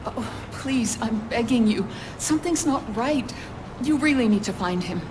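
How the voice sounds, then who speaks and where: A woman's voice: on the high side, expressive, normal speed, noisy background, lightly acted. A woman voicing a middle-aged mother who speaks in an anxious, pleading way. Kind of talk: video game voice acting.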